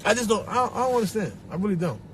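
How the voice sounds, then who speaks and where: A young man with a Philadelphia accent ranting on a live stream, profane and animated, repeating himself and breaking into laughter. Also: high-pitched, rapid-fire, a little hiss or hum. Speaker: social media personality. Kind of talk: rambling live-stream rant. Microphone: phone.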